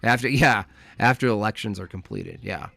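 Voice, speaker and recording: A man hosts a comedic livestream, delivering a casual, blunt rant and repeating his points for emphasis. His lowish voice has vocal fry and sounds pushed and bright, at a moderate pace.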